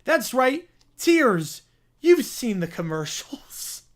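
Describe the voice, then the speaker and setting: A man's voice: extremely high pitch, sing-song, takes it slowly, voice pushed up, full character voice. A man reading as Lionel Hutz, grandiose lawyer. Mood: pompous. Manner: grandiose, mock-dramatic courtroom speech read aloud. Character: bombastic sleazy male lawyer pleading to a jury.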